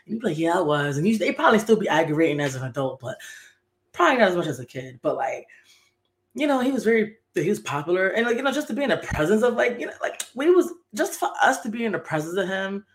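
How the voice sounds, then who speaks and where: A woman's voice: mid-range voice, big pitch swings, quick pace. A woman in her thirties hosting a podcast, telling a personal story in a candid, profane, slang-heavy way with lots of fillers. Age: 30s. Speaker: podcast host.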